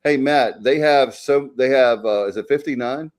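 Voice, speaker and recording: A man's voice: medium pitch, a little mellow. A man co-hosting a casual sports talk show, playful and jokey. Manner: playful, drawn-out jokey delivery.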